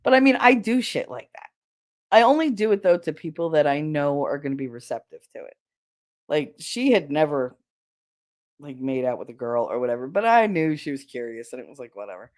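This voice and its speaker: Low-voiced woman telling a frank story. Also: lively intonation, fairly quick. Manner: candid and profane, acts out quoted lines. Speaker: podcast host. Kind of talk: casual storytelling chat.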